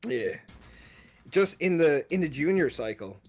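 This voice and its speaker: A man chatting casually, giving short relaxed replies. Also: a little high, unhurried. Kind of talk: casual chat.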